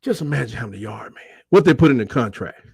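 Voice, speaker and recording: A middle-aged man hosting a casual sports livestream. He jokes and reads out chat comments, and his voice breaks into high squeals. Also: expressive, quick pace, vocal fry, husky, no room sound, clean studio sound.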